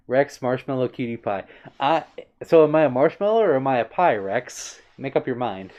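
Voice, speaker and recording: A man's voice: mid-range voice, lively intonation, unhurried, pauses often, darkish tone, lo-fi sound. Giggly, bashful man streamer. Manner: playful, giggly, bashful about compliments. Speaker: livestream host. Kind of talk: casual chat reading out viewer comments.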